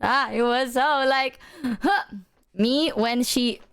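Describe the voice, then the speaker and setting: A woman's voice: sits high, slow pace, a bit bright, smooth. A woman streamer chatting casually and telling a story with giggles and playful exaggeration. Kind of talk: casual chat.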